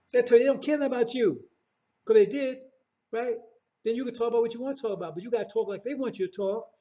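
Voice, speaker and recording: High-voiced preacher man, dull recording. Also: warm tone. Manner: preachy, repetitive, confrontational, rhetorical questions. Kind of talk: sermon.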